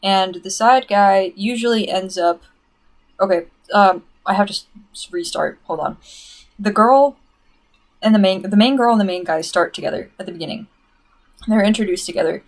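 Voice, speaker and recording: A woman's voice: mid-range voice, moderate pace, low-quality recording. A woman chatting casually on a livestream, rambling at length and stopping to read viewer comments aloud.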